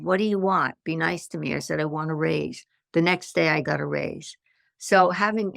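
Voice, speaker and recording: An older woman, a guest on a podcast interview, telling her life story in lively anecdotes and acting out the lines of the people in them. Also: fairly low pitch, creaky, no room sound, studio quality. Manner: animated anecdotes with acted-out quotes. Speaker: guest, stress management consultant.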